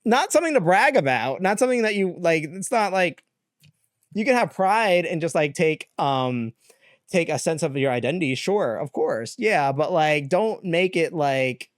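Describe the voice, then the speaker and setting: A young man hosting a solo podcast, talking candidly in a rambling way, full of fillers and quick laughs. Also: a little high, big pitch swings, no echo, studio quality. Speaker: podcast host. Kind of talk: casual solo podcast rant.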